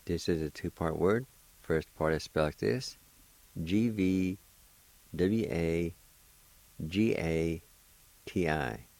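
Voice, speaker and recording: Low-voiced male radio language teacher from Oklahoma, slow and patient, encouraging, dry close sound. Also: dry recording, low-quality recording. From Oklahoma, United States. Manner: patient, encouraging, gently joking. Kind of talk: slow spelling and pronunciation lesson.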